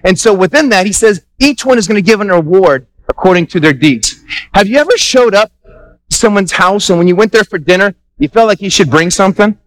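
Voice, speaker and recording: High-voiced man preaching a lively sermon. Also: fairly quick, rough recording. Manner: animated preaching with acted-out dialogue and repetitions. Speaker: pastor. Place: church sanctuary.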